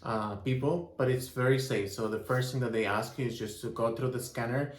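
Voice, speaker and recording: A man co-hosting a vlog, reviewing his experience in a relaxed way, with frequent restarts and ums. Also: mid-range voice, brisk, echoey room, a little hiss or hum. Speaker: vlogger co-host. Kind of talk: casual chat review.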